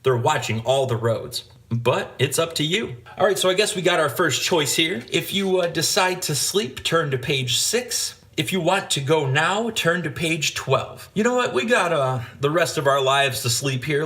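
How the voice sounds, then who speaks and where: A man's voice: a little high, moderate pace, hardly any pauses, a bit bright. A man hosting a gaming channel, reading a gamebook aloud with casual, joking asides.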